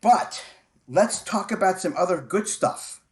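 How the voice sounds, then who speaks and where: A man hosting a live show chat, supportive and quick with affirmations. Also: high-pitched, expressive, darkish tone. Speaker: host.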